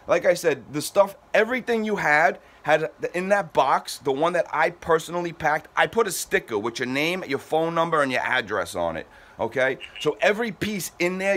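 An exasperated man who owns a moving company, on a heated phone call with a customer. He sounds defensive and stammers through repeated restarts. His voice sits a little high for a man. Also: fairly bright tone.

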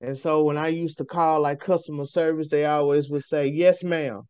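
Light-voiced man host, slightly high. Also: little pitch movement, a little fast, darkish tone, clean tone, no echo. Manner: laughing, playful. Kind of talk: casual interview chat. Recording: dull lo-fi audio.

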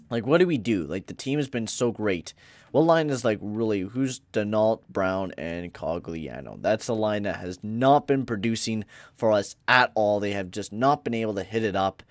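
A man giving casual commentary over a hockey video game, excitable and swinging from mumbling asides to shouting at big plays, into a close mic with a pop filter. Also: fairly low pitch, no echo. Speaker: gaming YouTuber. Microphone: close headset or desk mic with pop filter.

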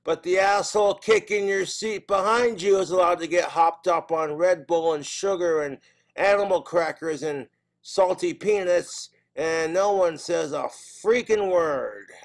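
In a high-sitting voice, a man performs stand-up comedy. He tells exasperated, profane stories and slips in quick put-on voices.

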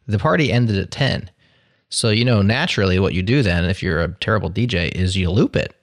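A man's voice: sits low, lively intonation, fairly quick, dry recording, clean studio sound. A man co-hosting a podcast in casual chat, wry and opinionated. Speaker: podcast co-host.

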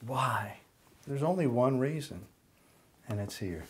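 Slow, deliberate older preacher man. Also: medium pitch, expressive, slightly rough. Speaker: pastor. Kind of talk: sermon with prayer.

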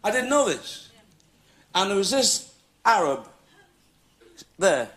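A man's voice: sits high, sing-song, slow. A male comedian hosting a stage show, telling cheeky stories and laughing along with the audience. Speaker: comedian host. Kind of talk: stand-up audience Q&A. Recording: loud crowd laughter, noisy TV studio.

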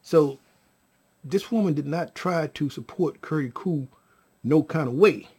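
A man telling his own story to viewers in an emotional, animated way, addressing them as y'all with casual slang. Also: a little high, measured pace, slightly rough. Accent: Californian.

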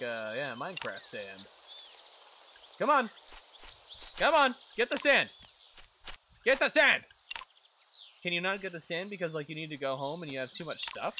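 A man giving excitable live commentary on a game he is playing, talking to himself and to his characters and swearing when something startles him. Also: a little high, background noise. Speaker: let's play gamer. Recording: loud game sounds behind voice.

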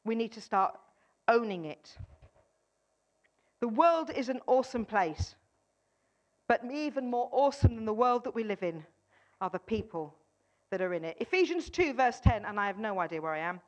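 A woman preaching an energetic sermon at a church gathering, firing questions at the congregation and urging them to answer. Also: fairly high pitch, moderate pace, long pauses. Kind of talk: lively interactive sermon. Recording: dull lo-fi sound.

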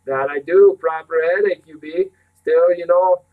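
A man doing a shrill, chatty housekeeper. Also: unhurried, narrow, tinny audio, lightly acted. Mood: fond teasing.

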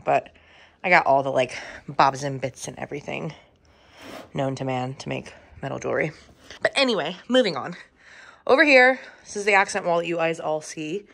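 A woman's voice: on the low side, a bit bright. A woman in her thirties giving a casual, chatty tour of her room, swearing freely and saying um a lot. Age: 30s. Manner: chatty and offhand, swearing, many ums.

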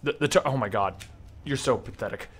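A man casually commentating a video game, joking, excitable and often laughing. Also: mid-range voice, a little fast, slightly rough. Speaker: gameplay commentator. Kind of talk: casual let's-play commentary.

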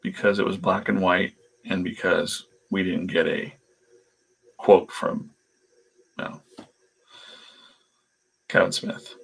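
A man's voice: low-pitched, flat delivery, slow pace, creaky, pauses often, a bit bright, slightly rough. A man, a comic artist, telling stories in a rambling, chatty way while he draws, often trailing off into mumbles. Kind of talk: casual storytelling while working.

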